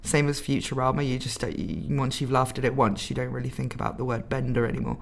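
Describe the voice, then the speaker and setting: Her voice is very deep and creaky, moving at a quick pace. She's a young woman from England with a slightly posh accent, chatting casually on a stream as she reads live comments, giggling and laughing often between remarks.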